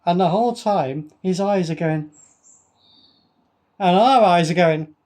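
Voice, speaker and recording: A man telling a funny story in animated casual chat. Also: high-pitched, unhurried. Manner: animated, builds stories to a punchline. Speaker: podcast co-host.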